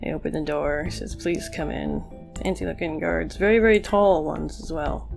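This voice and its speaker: Young woman, comic recap, sarcastic and casual, lowish voice, faint music behind. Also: brisk, vocal fry. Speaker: manga reviewer. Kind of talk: reading a comic chapter aloud with commentary.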